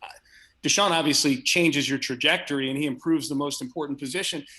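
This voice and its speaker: A man's voice: fairly high pitch, sharp tone. Emphatic man arguing football. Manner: fast, emphatic, restarts often. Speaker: guest sports radio host. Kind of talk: casual sports debate.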